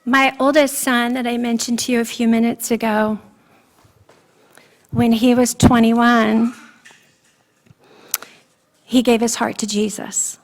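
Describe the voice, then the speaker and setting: Slow, earnest woman preaching. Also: fairly high pitch, level tone. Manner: earnest personal testimony, emotional. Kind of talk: sermon. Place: church sanctuary.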